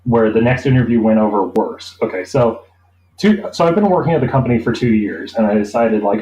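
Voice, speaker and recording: A man telling a long anecdote in a relaxed interview, rambling and acting out the people he quotes. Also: fairly low pitch, brisk. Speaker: interview guest. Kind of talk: casual storytelling. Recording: roomy echo.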